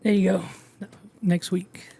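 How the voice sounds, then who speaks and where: A man's voice: sits high, little pitch movement, slow, mellow, breathy edge. A man hosting a podcast in casual chat, loose and teasing with plenty of swearing.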